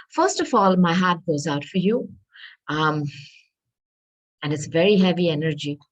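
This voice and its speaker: A woman giving a tarot reading to viewers, earnest and reassuring, often pausing to hunt for the right word. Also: a little high, poor audio. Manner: earnest, reassuring, searches aloud for words; addresses viewers as darling. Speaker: tarot reader.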